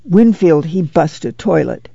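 Male reader playing a tattling farm girl, gravelly, lightly raised. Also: on the high side, big pitch swings, a little slow, warm tone, no echo, muffled recording, exaggerated voice. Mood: smug. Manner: childish rural speech, smug and tattling. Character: self-important young farm girl, tattling.

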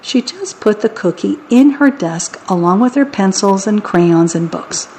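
A woman narrating a children's audiobook in a wry, deadpan way. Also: mid-range voice, unhurried, a little hiss or hum, poor audio.

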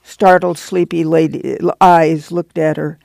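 Male narrator, measured storybook delivery, slightly high pitch with heavy fry. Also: level tone, darkish tone, no echo. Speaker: audiobook narrator. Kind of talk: scripted narration.

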